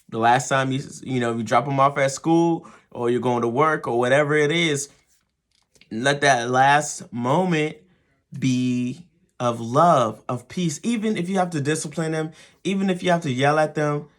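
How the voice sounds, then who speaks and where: The host of a show for fathers offers casual advice, often repeating words and checking in with "right?". His voice is a little high and a bit bright.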